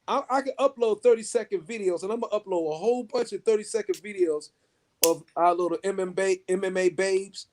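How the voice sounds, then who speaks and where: A man co-hosting a podcast, talking in crude, excitable banter, swearing a lot and laughing often. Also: high voice, brisk, a little hiss or hum. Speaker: podcast co-host.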